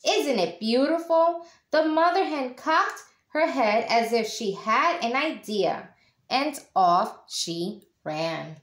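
A woman, a teacher, reading a children's picture book aloud in an expressive way. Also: on the high side. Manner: slow, expressive storytelling. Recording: echoey room.

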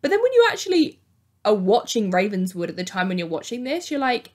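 A young woman hosting a casual, chatty TV recap, acting out quotes in an animated way. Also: mid-range voice, fast. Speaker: YouTube host.

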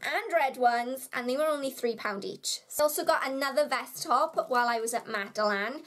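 A woman's voice: sits high, a little fast, fairly bright tone. A young woman from the UK, chatting in a bubbly, self-mocking way as she shows off her shopping haul for her vlog. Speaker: vlogger.

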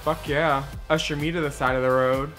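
Brief: profane comedy host in his forties, crude and mocking, bright, forceful tone, faint music behind. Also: on the high side, steady tone, brisk. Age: 40s. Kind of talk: raunchy comedic video commentary.

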